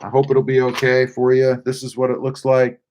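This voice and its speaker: A man's voice: medium pitch, monotone, normal speed, a little mellow. A man hosting a casual live stream, reading viewer chat aloud with many fillers and hesitations. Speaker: livestream host.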